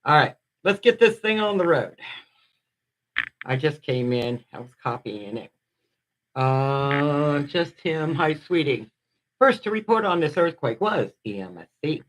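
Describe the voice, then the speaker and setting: A man's voice: a little high, sing-song, measured pace, fairly bright tone, poor audio. A man hosting a casual live stream, reading out earthquake reports and chatting with his viewers. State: a little out of breath.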